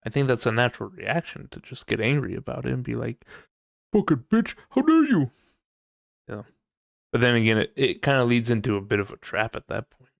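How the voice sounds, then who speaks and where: A man hosting his own podcast in a relaxed, meandering way, leaning on "you know" and frequent laughs. His voice has a gravelly, fried texture at a middle pitch. The sound is dry and close, with little room to it. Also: quick pace, no room sound. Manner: rambling, peppered with "you know", laughs often. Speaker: podcast host. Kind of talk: casual solo podcast chat.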